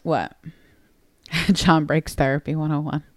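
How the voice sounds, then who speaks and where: A woman's voice: low voice, level tone, dry recording. A young woman with a New York accent, chatty and laughing as she co-hosts a stream. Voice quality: clear. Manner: chatty, laughing, spells out words slowly. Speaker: stream co-host. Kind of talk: casual chat.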